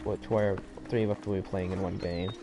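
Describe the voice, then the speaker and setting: A man's voice: low voice, level tone, brisk, noisy background. An American man hosting a gaming channel, chatting casually and rambling as he plays. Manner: rambling, chatty, self-interrupting. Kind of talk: casual let's-play commentary. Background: game music.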